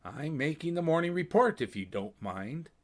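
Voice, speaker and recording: A man voicing a weary, cranky old male custodian who talks in a calm, dry, mumbling way. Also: on the high side, normal speed, pitched above the performer's own voice.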